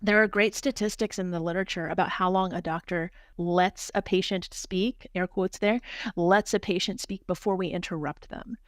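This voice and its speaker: A woman who is a hospital doctor, speaking as a guest in a podcast interview, talking fast and earnestly, with many restarts and repeated words. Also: lowish voice, fairly even intonation, no room sound, clean studio sound. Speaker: hospital physician executive, guest.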